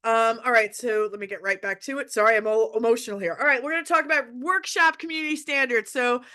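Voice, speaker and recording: A woman's voice: on the high side, fairly even intonation, fast, bright, forceful tone. A middle-aged woman hosting an online workshop for parents, speaking in a direct, heartfelt way with frequent restarts. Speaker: workshop presenter. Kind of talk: emotional webinar talk to parents. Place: hotel room.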